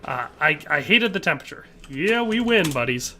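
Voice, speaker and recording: A man's voice: a little high, big pitch swings, moderate pace, pushed and bright, a little hiss or hum. A man from Wisconsin, chatting casually with his viewers while he plays a game on a live stream. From Wisconsin, USA. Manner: chatty, reads viewer chat aloud and answers it.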